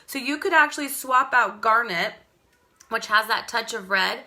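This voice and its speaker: A woman's voice: fairly high pitch, animated, normal speed, sharp tone. A woman chatting casually through a live makeup tutorial at home, rambling and greeting viewers by name. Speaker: makeup seller demonstrating products.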